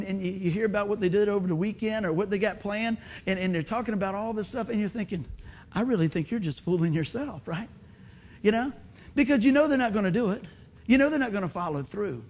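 A man preaching a sermon as pastor, telling a story with shouted sound effects and questions to the congregation. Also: high voice.

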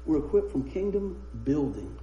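A man's voice: on the high side, big pitch swings, moderate pace, mellow, lo-fi sound, slight background noise. A man preaching a sermon, chatty and laughing as he tells anecdotes. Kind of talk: sermon with humorous storytelling. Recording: roomy echo.

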